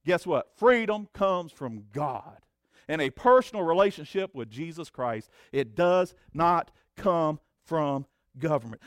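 A man preaches from the pulpit, his voice sitting somewhat high. He jumps from loud, emphatic proclamations down to quiet, chatty asides to the congregation. The sound is close and dry, with no room echo. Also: animated, measured pace. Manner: preaches with swings from loud emphatic outbursts to low conversational asides. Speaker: pastor. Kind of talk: sermon.

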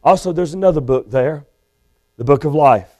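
High-voiced male Baptist preacher; fervent, urgent sermon in a church. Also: moderate pace, warm tone. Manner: fervent, urgent, pleading with listeners. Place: church sanctuary.

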